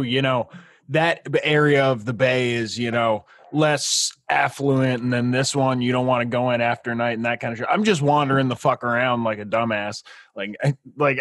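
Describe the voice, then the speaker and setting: A man's voice: medium pitch, no echo. A man on a podcast, chatting casually with wry, cursing jokes. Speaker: podcast co-host. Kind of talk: casual chat.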